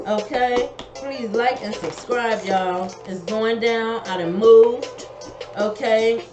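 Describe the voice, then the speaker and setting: A woman's voice: on the high side, slow pace, a little mellow. A woman giving an online tarot reading in an emphatic, colloquial way, repeating her advice. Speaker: tarot reader. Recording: echoey room, music behind.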